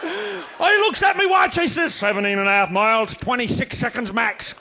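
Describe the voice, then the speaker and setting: Guy spinning a tall tale, really high pitched, loud and bouncy, laughs as he goes. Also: expressive, moderate pace, gravelly, background noise. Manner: boisterous, often shouting, chuckling through his lines. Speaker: comedian storyteller. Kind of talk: tall-tale comic monologue.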